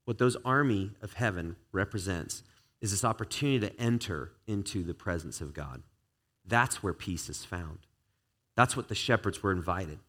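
A man preaching a conversational sermon to a live congregation, relaxed and chatty with frequent restarts. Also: deep voice, normal speed. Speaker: pastor. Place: church service before a live congregation.

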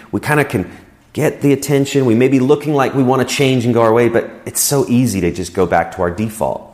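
A man's voice: medium pitch, a little mellow. A man giving a conversational sermon as a pastor, explaining scripture in an easygoing way and often repeating words as he goes.

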